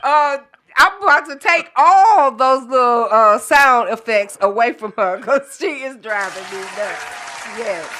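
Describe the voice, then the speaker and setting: A woman's voice: a little high, animated, unhurried, sharp tone, a faint crowd, a little hiss or hum. A woman co-hosting a live call-in show in casual chat, laughing and affirming her partner. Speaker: co-host.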